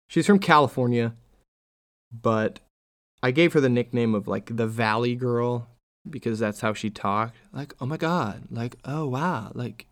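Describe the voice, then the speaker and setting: A man hosting a solo podcast, chatting casually and reading out posts before giving his own take. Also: mid-range voice. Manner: conversational, reads out posts then comments. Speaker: podcast host.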